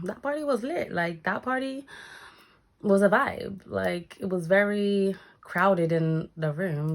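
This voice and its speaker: A young woman tells a story in a casual vlog, acting out what people said with big jumps in her voice. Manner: animated, acts out quotes with big pitch jumps. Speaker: vlogger.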